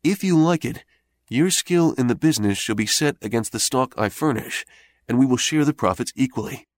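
A man's voice: mid-range voice, expressive, normal speed, dry recording, close to an everyday voice. A man voicing an earnest young male printer proposing a partnership, barely shifting from his narrating voice.

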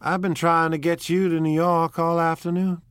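A man's voice: little pitch movement, normal speed, fairly bright tone, clean tone, no room sound, clean studio sound, lightly acted. A man doing a gushing, giddy young woman. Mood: retorting. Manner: high, gushing and ecstatic.

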